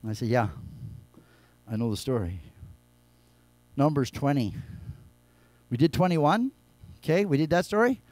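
A male pastor preaching a sermon, moving between quiet low scripture reading and loud, raised exhortation. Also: lively intonation, unhurried, pauses often, no room sound. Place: church.

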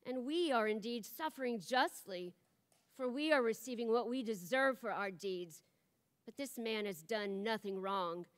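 A woman giving an expressive reading of scripture in church, her voice rising for the quoted cries. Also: on the high side, measured pace. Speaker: scripture reader. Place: large church hall. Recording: long hall reverb.

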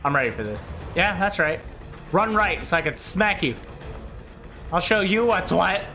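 A young man giving excitable, trash-talking gameplay commentary, swearing freely as he plays. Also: sits high, normal speed, soft background music. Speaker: gaming video creator.

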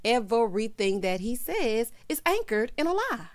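A woman recaps reality TV in a sassy, animated way, her fairly high voice swinging up and down. The sound is dry and close, with no room around it. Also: normal speed, dry recording. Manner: sassy, animated, mimics the cast in quoted voices. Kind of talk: casual recap commentary.

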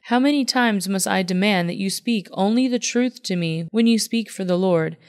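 A woman's voice: mid-range voice, moderate pace, close to an everyday voice. A woman voicing King Ahab, a resentful and demanding male king, in a Bible reading with light emphasis.

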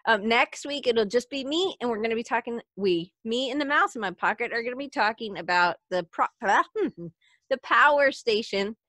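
A woman's voice: fairly high pitch, lively intonation, normal speed, sharp tone, dry recording. A woman hosting a podcast in a casual chat, giggly and chatty, reading out listener comments. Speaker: podcast host.

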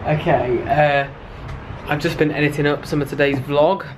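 A young man talks to camera in a casual, upbeat travel vlog, drifting through fillers as he goes. His voice sits a little high. Heavy outdoor and traffic noise fills the background. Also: steady tone, moderate pace. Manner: chatty, upbeat, loose with fillers. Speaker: vlogger. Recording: loud outdoor ambient noise.

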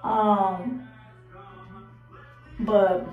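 A woman's voice: medium pitch, extremely slow, narrow, tinny audio, faint music behind. A young woman in her twenties telling a casual storytime, acting out what she and others said and swearing casually. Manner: animated, acts out her own quotes, swears casually. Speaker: vlogger. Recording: roomy echo, a bit far from the mic.

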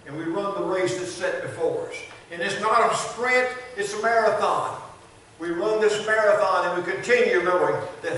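An older man with a Southern American accent preaching a sermon as pastor, in a rhythmic style with repeated phrases, swinging between loud and soft. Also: high-pitched, moderate pace, a little hiss or hum. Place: large church sanctuary. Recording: very echoey church hall from a distance.

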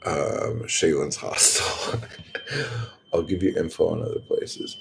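A man's voice: deep voice, lively intonation, slow pace, gravelly, darkish tone, slight background noise. A man chatting casually to viewers, telling rambling stories full of swearing. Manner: profane, rambling storytelling. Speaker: streamer.

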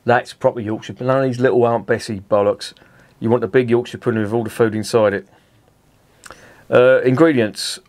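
A man's voice: medium pitch, fairly even intonation, normal speed, a little mellow. Sweary, rambling middle-aged man. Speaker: beer reviewer. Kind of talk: casual beer review to camera.

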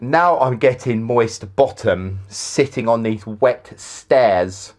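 A man's voice: medium pitch, slow, a little mellow. A man filming a playful vlog in his indoor hallway, talking to himself as he goes. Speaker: YouTuber.

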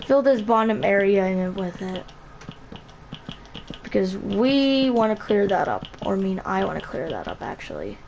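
Slow, halting woman giving a game tutorial. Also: medium pitch, vocal fry, slight background noise. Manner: halting, self-correcting, repeats item names. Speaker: channel host. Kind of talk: casual game building tutorial.

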